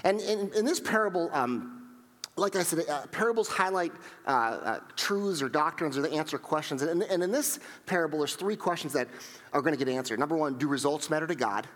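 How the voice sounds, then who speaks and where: A man preaching a sermon, telling stories in an animated way and acting out what people said, often repeating and restarting his words. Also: a little high, fairly quick, big-room sound. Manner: animated storytelling with acted-out quotes; frequent repetitions and restarts. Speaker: pastor.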